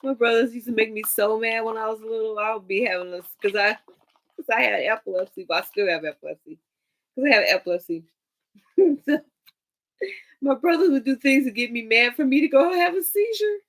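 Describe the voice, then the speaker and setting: A woman telling long personal stories in casual chat, animated and laughing as she acts out what people said. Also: on the high side, fairly quick, poor audio. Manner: animated, laughing, quotes people in shifting voices. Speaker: tarot reader on a livestream. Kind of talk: casual storytelling.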